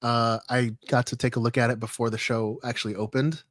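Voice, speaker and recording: A man's voice: mid-range voice, level tone, fairly quick, no room sound, clean studio sound. Chatty man co-hosting a podcast. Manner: chatty, repeats words as he starts. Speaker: podcast co-host. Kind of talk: casual chat.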